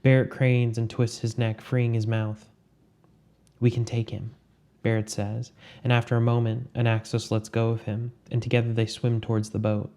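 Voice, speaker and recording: A man narrating a fiction story in a steady, measured reading. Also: medium pitch.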